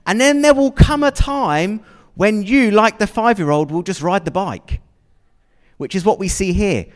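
Lively preacher in a hall. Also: male voice, sits high, unhurried. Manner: conversational, asks the congregation questions. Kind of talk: sermon. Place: church hall with long reverb. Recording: long hall reverb.

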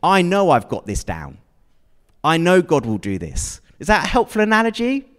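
Lively preacher in a hall. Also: male voice, high-pitched, normal speed. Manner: conversational, asks the congregation questions. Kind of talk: sermon. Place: church hall with long reverb. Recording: long hall reverb.

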